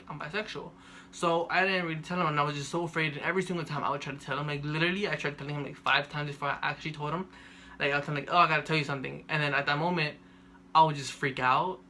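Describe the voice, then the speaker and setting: A young man telling a personal story to camera in a monotone, rambling way with lots of fillers. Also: fairly high pitch, a little hiss or hum. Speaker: vlogger.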